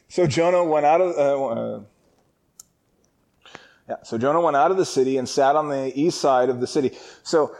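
A man's voice: medium pitch, moderate pace, pauses often, darkish tone. A man teaching a Bible passage in a casual, joking way, often laughing and acting out lines in a raised voice. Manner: jokey and conversational.

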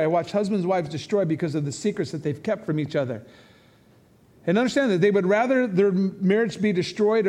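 A male pastor delivers a sermon in a church sanctuary. His voice sits fairly high for a man, and he preaches in a loose, conversational, animated way. He slips in quick acted-out quotes as he goes.

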